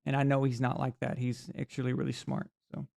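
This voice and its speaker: Brisk and monotone, a man with a gravelly yet mellow, medium-pitched voice hosts a live sports talk stream. He rambles through opinions, restarting and using fillers a lot, speaking into a desk mic on camera.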